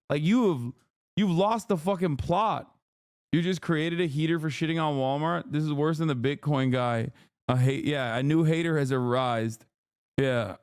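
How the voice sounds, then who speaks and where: A man's voice: on the high side, normal speed, clean tone, no echo, clean studio sound. A man streaming, reacting to clips in casual commentary with a profane, exasperated rant.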